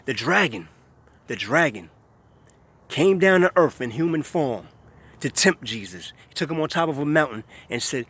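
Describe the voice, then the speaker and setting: A man's voice: medium pitch, expressive, normal speed, a bit bright, husky. A man talks straight to camera in an emphatic, scornful rant. He circles back to the same points again and again, pressing each one hard. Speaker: vlogger. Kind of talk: ranting monologue to camera.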